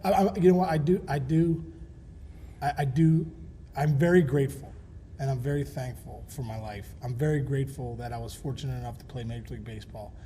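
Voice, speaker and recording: A man in his forties from Pittsburgh, a former ballplayer telling stories as a guest on a talk show, animated, restarting sentences and laughing often. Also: medium pitch, a little fast, a little hiss or hum. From Pittsburgh, USA. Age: 40s. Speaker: guest, former pro baseball player. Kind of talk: casual storytelling interview.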